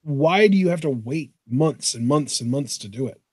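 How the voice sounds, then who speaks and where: A man co-hosting a show in casual chat, excitable and swearing freely. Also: fairly high pitch, moderate pace, slightly rough, dry recording, studio quality. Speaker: podcast co-host.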